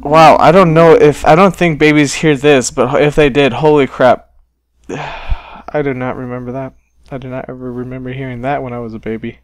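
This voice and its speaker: A man's voice: mid-range voice, fairly even intonation, normal speed, no room sound. A man hosting a horror game let's-play, jumpy and exclaiming, talking back to the game as he plays. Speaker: gaming channel host.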